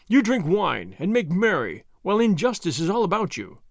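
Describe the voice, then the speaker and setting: A man voicing a bold masked highwayman who speaks in a lofty, commanding, scornful way in a storybook reading. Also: huge pitch swings, moderate pace, no echo, studio quality, heavily acted.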